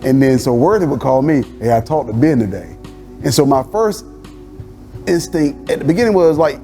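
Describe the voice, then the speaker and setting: A man serving as pastor and host swaps stories in relaxed conversation, his voice mellow and warm. He acts out family dialogue with animated pitch swings and bursts of laughter. Faint music plays beneath. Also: moderate pace. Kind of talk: casual conversation.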